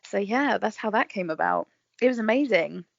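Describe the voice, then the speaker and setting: A woman tells stories in a bubbly, chatty way and laughs often. Her voice sits in a middle pitch. The recording is dry and a little muffled. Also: expressive, normal speed, vocal fry, no echo. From England. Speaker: guest actress. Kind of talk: casual podcast interview.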